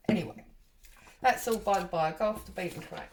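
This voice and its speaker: A woman's voice: mid-range voice, fairly quick, noisy background. A middle-aged woman, chatting and telling a rambling story while she does paper crafts at home. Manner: chatty, rambling, wanders off and back to her story. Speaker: craft vlogger.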